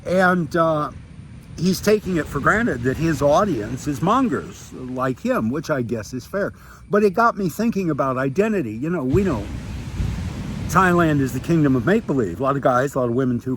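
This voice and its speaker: A man in his sixties talking casually into a handheld phone on a beach during a bike ride, wry and chatty, with many fillers and restarts and a slight breathlessness from cycling. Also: fairly high pitch. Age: 60s. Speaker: vlogger. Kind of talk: casual rambling monologue. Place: outdoors on a beach. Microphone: handheld phone at arm's length. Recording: faint outdoor noise.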